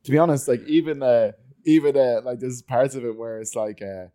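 A man co-hosting a podcast, chatting about a film in a halting way with many stops and restarts. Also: mid-range voice, fairly even intonation, dark tone. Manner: halting, full of fillers and restarts. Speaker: podcast co-host. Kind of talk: casual film review chat.

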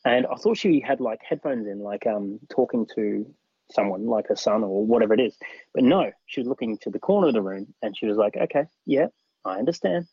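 A husky man with a fairly low voice tells a story as a podcast guest, animated and chatty. The recording is dry and a little dull, like lo-fi audio. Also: fairly quick, no room sound. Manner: recounts events animatedly, often acting out others' words. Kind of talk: casual storytelling.

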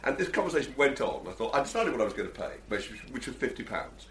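A man talking quickly and animatedly in casual chat, his pitch leaping around. The sound is roomy, with a faint hiss underneath. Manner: animated, fast anecdote-teller.

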